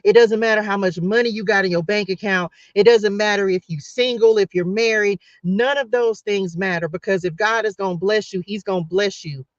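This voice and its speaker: A man's voice: high-pitched, steady tone, fairly quick, hardly any pauses, dry recording. A man hosting a casual live spiritual talk, passionate and emotional, close to tears, often restarting and repeating phrases. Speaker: host giving a spiritual message. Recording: dull lo-fi dry sound.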